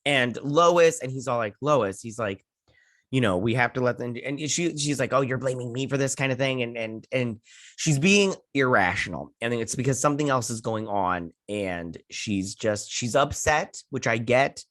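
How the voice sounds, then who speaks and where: A man hosting a casual episode recap, rambling along and acting out characters' lines in quick quoted bits, swearing now and then. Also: mid-range voice, lively intonation, a bit bright, no room sound, studio quality. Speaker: host.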